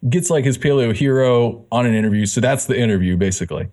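A man's voice: mid-range voice, fast. A man, a fitness magazine editor, telling his story as a guest in a casual interview, acting out the dialogue he quotes. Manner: animated, acts out quoted dialogue.

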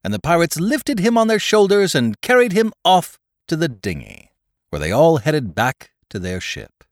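A man narrating a classic tale in a theatrical, scripted way, dropping low on the speech tags. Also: very animated, moderate pace, no room sound, studio quality. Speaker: podcast narrator.

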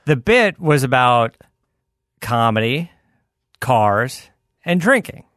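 A man co-hosting a podcast, tossing in dry, deadpan quips and short agreements. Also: mid-range voice, slow pace, dry recording. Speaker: podcast co-host. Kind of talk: casual chat.

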